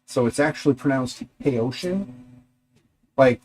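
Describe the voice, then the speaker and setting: A man's voice: mid-range voice, normal speed, a little mellow. A middle-aged man hosting a casual livestream from his garage workshop, rambling chattily and talking to his dogs and viewers. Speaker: livestream host.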